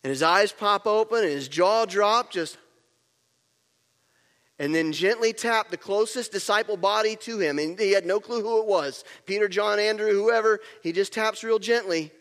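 A man preaching a sermon, telling a story with animated acting-out of the scene. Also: high-pitched, normal speed, in a large hall. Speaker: pastor.

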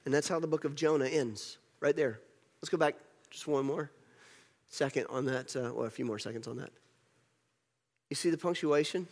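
A male pastor gives a conversational sermon and piles up repeated rhetorical questions. His voice is on the high side for a man. The sound carries a long church-hall echo. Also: moderate pace, pauses often.

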